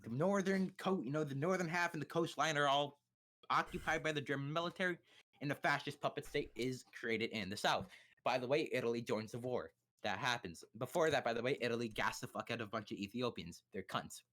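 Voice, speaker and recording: A man's voice: medium pitch, brisk, a bit bright. A young man streaming live, giving a crude, sarcastic and rambling rundown of history with many restarts. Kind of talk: profane comedic history rundown. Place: home streaming setup.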